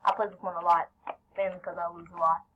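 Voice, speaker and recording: A woman commentating her own gameplay, excitable, yelling at teammates and then apologizing. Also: lowish voice, quick pace, muffled recording. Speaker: gaming channel host.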